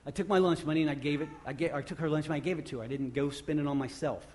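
Male pastor, sermon, slightly high voice, loud bursts then hushed lines, repeats himself. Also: very fast. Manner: animated preaching that swings between loud emphatic bursts and quiet low passages; repeats and restarts phrases while speaking off the cuff.

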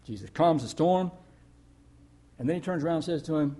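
A man's voice: fairly high pitch, animated, a little fast, warm tone. A man preaching a sermon as a pastor, telling stories conversationally with emphatic rises.

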